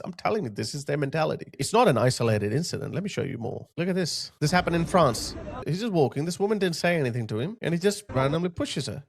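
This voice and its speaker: A man reacts to video clips in an animated, indignant way, his pitch leaping up and down as he talks. His voice sits a little high for a man, and his commentary is loose, with laughing asides. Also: fairly quick, vocal fry, few pauses. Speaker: YouTube commentator host.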